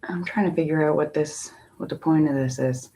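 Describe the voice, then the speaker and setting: A woman tarot reader in a casual spiritual talk, musing in a slow, meandering way with long pauses. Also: low-pitched, warm tone.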